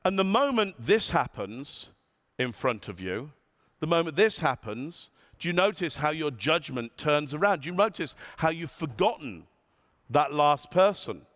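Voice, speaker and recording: A man giving a conference keynote in a large hall, animated and asking the audience questions, sometimes dropping his voice low and soft to show a point. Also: a little slow. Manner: demonstrates tones, drops voice low and soft. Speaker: keynote speaker.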